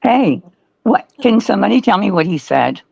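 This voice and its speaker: A woman's voice: mid-range voice, very animated, normal speed, creaky, warm tone, dull audio. A woman joining a livestream chat, wry and sarcastic.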